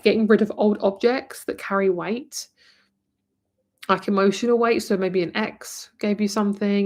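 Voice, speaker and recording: A woman's voice: mid-range voice, a little mellow. A woman from near London with a southern English accent, giving a rambling, chatty live-stream tarot reading and calling the viewer "my lovely". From England, near London. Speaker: tarot reader.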